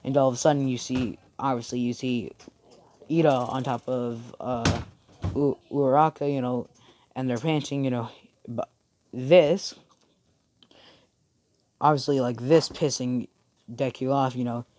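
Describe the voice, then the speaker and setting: A man telling a fan story off the cuff, rambling and full of filler words. His voice sits mid-range and drifts between loud and quiet. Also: mid-range voice, steady tone, measured pace, long pauses. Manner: rambling, many fillers and swearing. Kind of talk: casual fan-fiction retelling.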